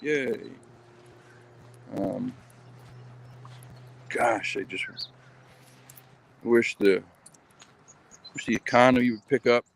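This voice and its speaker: A man with a fairly low voice talks in a loose, rambling way, full of ums and little asides, as he walks his dog outside. It has the feel of an unscripted live stream, and faint background noise with birds sits under his voice. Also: fairly even intonation, slow pace, vocal fry, pauses often. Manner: rambling, chatty, lots of ums. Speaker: channel host. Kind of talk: casual live-stream chat. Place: outdoors walking a dog.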